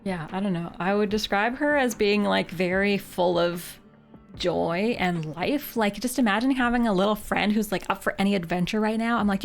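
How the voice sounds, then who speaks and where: A woman's voice: medium pitch, moderate pace, creaky, soft background music. A woman streamer from Canada chatting casually with her live viewers. She talks in a chatty, giggly way and says "like" often. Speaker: game streamer.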